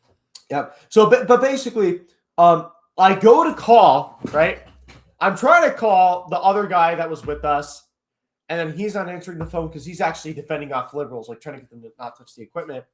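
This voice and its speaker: A man's voice: on the high side, expressive, a little fast. A young man, a guest commentator, telling a story in a rambling, casual interview style, leaning on fillers like "basically". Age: young adult. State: eye still hurting after an attack. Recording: roomy echoey room.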